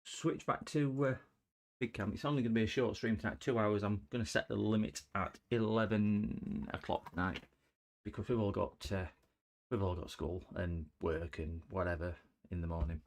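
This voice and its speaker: A man with a lowish voice and fairly even intonation talks at a moderate pace while repairing electronics on a livestream. He chats casually with viewers, joking with the chat and cracking puns as he works.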